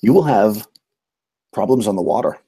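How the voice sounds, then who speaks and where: A cryptic, sardonic talking raven, voiced by a game master. It speaks in short, ominous warnings with a low, husky, dark tone. Plain tabletop-game role-play, close to an everyday voice. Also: male voice, animated, moderate pace. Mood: curt, ominous. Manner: terse, ominous prophetic warnings.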